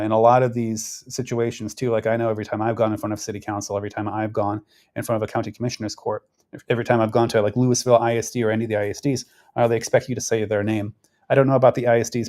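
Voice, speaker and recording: A man rambles through casual political commentary, often restarting sentences and using fillers in a conversational way. His voice is on the low side and darkish, with a level tone, and he talks at a racing pace.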